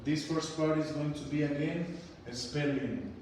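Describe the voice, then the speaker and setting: A man's voice: on the high side, a little mellow. Man, English teacher, spells letter by letter, long reverb, faint noise. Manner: encouraging, spells words slowly letter by letter. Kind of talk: online English class for children. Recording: echoey, distant mic with long reverb and faint room noise.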